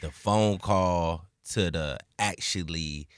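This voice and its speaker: A man's voice: low voice, slow, clean tone, no room sound, clean studio sound. A man hosting a casual interview, asking loose slangy questions and laughing easily. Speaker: interview host.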